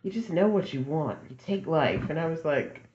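A woman on a podcast telling a dating story in a casual, lively way, acting out both sides of the conversation. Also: sits low, moderate pace, roomy sound, highs cut off. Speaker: podcast guest.

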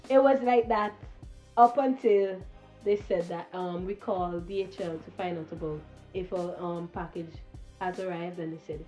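A woman's voice: lowish voice, normal speed, warm tone, faint music behind. A young woman of about twenty, a guest telling her story earnestly on a radio interview, giggling now and then. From Saint Vincent.

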